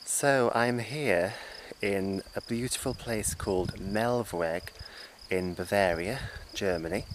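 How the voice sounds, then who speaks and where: Male travel vlogger on a hillside, slow and excitable, with outdoor insect noise. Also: lowish voice, low-quality recording. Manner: excited, exclaiming often. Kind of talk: walking vlog. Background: insects and crickets.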